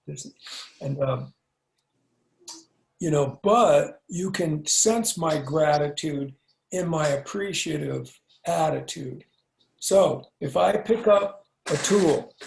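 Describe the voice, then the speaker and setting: A man's voice: a little high, gravelly, darkish tone, a little hiss or hum, rough recording. A man speaking as a podcast guest, explaining ideas in a laid-back, slangy way over a video call. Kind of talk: conversational explaining.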